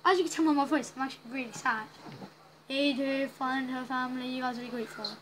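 A woman's voice: sits high, steady tone, fast, noisy background. A woman giving casual, rambling commentary while playing a story game, reacting aloud as she goes. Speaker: gaming channel host. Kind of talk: casual let's-play commentary.

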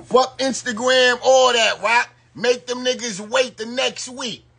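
Gravelly dude riffing slangy on a live stream, kinda husky and slow. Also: male voice, extremely high pitch, steady tone, pushed and bright. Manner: loose slangy banter to viewers. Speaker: YouTube commentator. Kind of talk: casual live-stream commentary.

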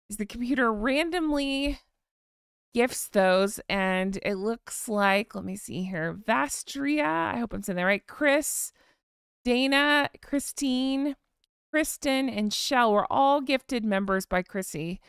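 A woman's voice: on the high side, expressive, a little slow, clear, resonant tone, no room sound, clean studio sound. A woman hosting a casual live stream, reading out viewer comments and thanking them by name in a chatty way. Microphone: desk microphone.

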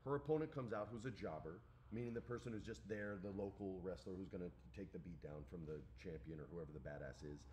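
A man in his forties co-hosting a podcast in casual chat, telling an animated story, acting out lines and swearing freely. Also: sits low, quick pace, few pauses, a little hiss or hum. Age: 40s. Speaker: podcast co-host.

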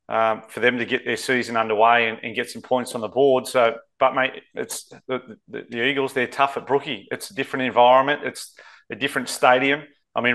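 A man's voice: medium pitch, a bit bright. An Australian man co-hosting a sports betting podcast, talking casually and rambling, saying mate a lot. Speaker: co-host.

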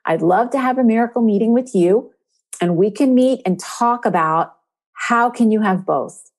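A woman hosting a spiritual coaching podcast, speaking in an encouraging way and slowing down to stress key words. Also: a little high. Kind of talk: inspirational podcast talk.

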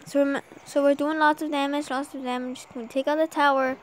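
High-pitched woman gamer, sore throat, getting a cold, cheering her game on out loud. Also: fairly quick, a little hiss or hum. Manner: excitable, urging the game on aloud. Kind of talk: live gameplay commentary.

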